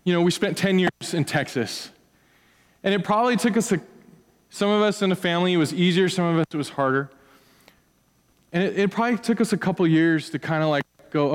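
A man preaching a sermon, climbing high on his questions and dropping soft on his key points. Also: a little fast, smooth, long reverb tail. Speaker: pastor.

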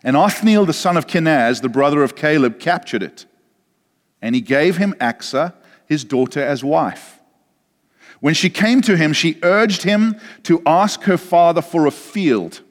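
A man's voice: fairly high pitch, animated, a little slow. A man preaching a sermon, earnest and repeating words, asking the congregation questions. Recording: long reverb of a large hall.

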